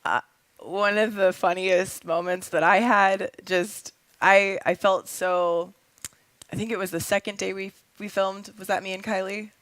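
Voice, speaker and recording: A young woman tells a chatty, filler-filled story during a casual interview. Her voice sits at a middle pitch. The recording is dry and close, with no room sound. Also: steady tone, a little slow, a bit bright, dry recording. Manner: chatty, laughing, filler-heavy anecdote telling. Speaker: film director and actress, guest.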